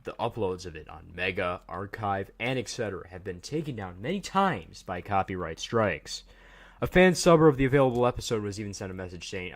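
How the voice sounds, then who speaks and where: A man's voice: lowish voice, lively intonation, a little fast. A man hosting a livestream, chatting casually and joking as he rambles and talks to his chat. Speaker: livestream host.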